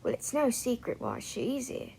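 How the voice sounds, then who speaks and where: A woman's voice: on the high side, huge pitch swings, normal speed, creaky, warm tone, slight background noise, full character voice. A woman doing a catty gossiping old witch.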